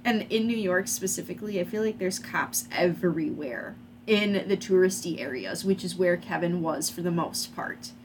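A woman's voice: on the low side, moderate pace, a little hiss or hum. A woman co-hosting a podcast, chatting casually and bluntly about a movie, swearing now and then. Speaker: podcast co-host. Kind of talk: casual movie review chat.

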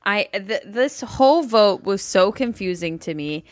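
A woman's voice: mid-range voice, lively intonation, unhurried, no echo, studio quality. A woman co-hosting a casual reality TV recap podcast, blunt and swearing heavily. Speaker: podcast co-host.

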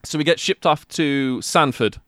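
A man with an English Midlands accent, co-hosting a casual podcast chat and retelling a plot with lots of swearing and animated enthusiasm. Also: on the high side, moderate pace, no echo, studio quality. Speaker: podcast co-host.

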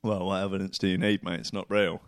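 A man's voice: sits low, level tone, quick pace, dry recording. Dry-humored man on a close mic. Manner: dry, mocking, reads out posts in a mock-earnest tone. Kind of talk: casual chat.

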